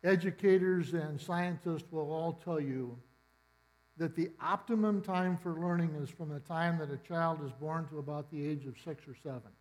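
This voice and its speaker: A man's voice: fairly high pitch, moderate pace, a little mellow, low-quality recording. A middle-aged man preaching a sermon in a church, conversational and storytelling with dry humor. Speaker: pastor. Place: church sanctuary.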